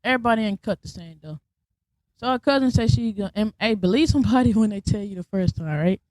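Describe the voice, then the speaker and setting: A woman's voice: medium pitch, fast, dry recording. Slangy woman telling a story, dry sound. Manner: blunt, slangy, animated retelling with quoted voices. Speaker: podcast host. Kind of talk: casual storytelling monologue.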